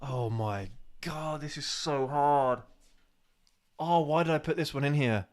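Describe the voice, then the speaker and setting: A man co-hosting a casual live stream, halting and self-deprecating as he searches for words. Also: a little high. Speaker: co-host of a live show.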